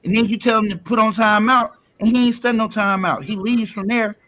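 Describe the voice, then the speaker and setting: High-voiced man, blunt and emphatic. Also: steady tone, a little fast, sharp tone. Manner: emphatic, repetitive, blunt and profane. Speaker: panelist. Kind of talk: heated panel discussion.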